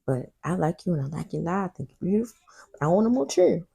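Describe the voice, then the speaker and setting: A woman voicing a smooth-talking man who keeps pressing for more children, in a persistent, coaxing way. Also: on the low side, very animated, fast talker, dark tone, full character voice.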